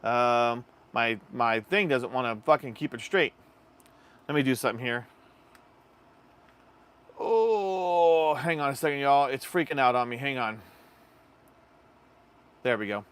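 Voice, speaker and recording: A man's voice: medium pitch, measured pace, pauses often, clean tone. A man casually hosting a livestream, chatting easily and reading viewer comments. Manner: relaxed, chatty, addresses viewers as y'all. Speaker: livestream host.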